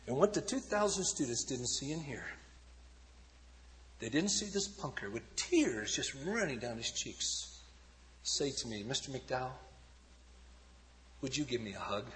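A man preaching in a storytelling sermon style, swinging between shouted peaks and hushed passages. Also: medium pitch, big-room sound, a little hiss or hum. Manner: dramatic, shifting from shouts to hushed tones. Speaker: evangelist speaker.

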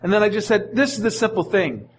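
A man's voice: sits high, expressive, quick pace, a little hiss or hum. A male pastor preaching a sermon in an earnest manner, often repeating his phrases.

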